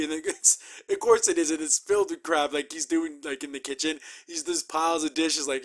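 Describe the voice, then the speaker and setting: A man casually recapping and reacting to a cartoon episode, chatty and upbeat, acting out quick character quotes. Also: a little high, fairly even intonation, fairly bright tone. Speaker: show reviewer.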